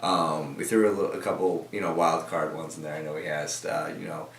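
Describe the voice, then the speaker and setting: A man's voice: rumbling low, little pitch movement, fairly quick, creaky, a bit bright. A young man talking casually in an interview, rambling with many fillers and restarts, in an office. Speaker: team member guest. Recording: echoey room from a distance.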